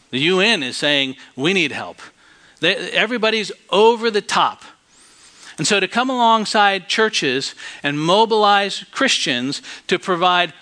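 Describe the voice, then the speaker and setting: A man preaching a sermon, telling a story and swinging from hushed tones to loud outbursts. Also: sits high.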